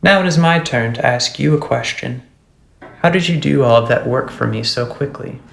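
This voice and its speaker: A gruff, threatening old witch , as a man puts her on for a storybook reading. Her voice is low, gravelly and growling, kept hushed as if to menace. It sounds like it was recorded in an echoey room. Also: moderate pace, natural voice. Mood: menacing.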